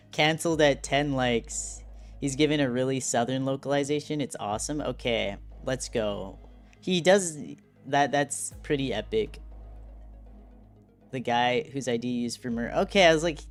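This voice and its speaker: A man's voice: medium pitch, a little slow, soft background music. Man joking through a story game. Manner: joking, laughing asides. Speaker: gaming streamer. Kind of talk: casual commentary while reading a story game aloud.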